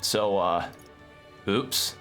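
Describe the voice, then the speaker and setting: A man's voice: lowish voice, extremely slow, fairly bright tone, faint music behind. A man streaming a video game, chatting casually and rambling through a story recap with a toothpick in his mouth. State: talking around a toothpick. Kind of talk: casual gameplay commentary.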